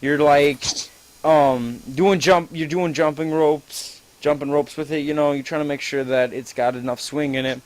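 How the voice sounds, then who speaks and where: A man's voice: on the high side, fairly even intonation, moderate pace, low-quality recording. A man improvising a rambling, profane, gleefully gross story to a friend, full of "like"s.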